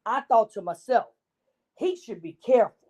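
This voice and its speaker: A woman's voice: on the high side, animated, normal speed, mellow, breathy edge. A woman voicing a self-pitying male wolf who tells his own side of the story in a wheedling, innocent tone.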